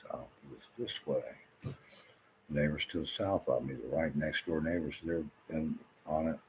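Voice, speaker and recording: Very deep-voiced agitated rambling man. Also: normal speed, a little hiss or hum, low-quality recording. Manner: restless, repeats himself, swears often. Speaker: vlogger. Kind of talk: rambling agitated monologue to camera.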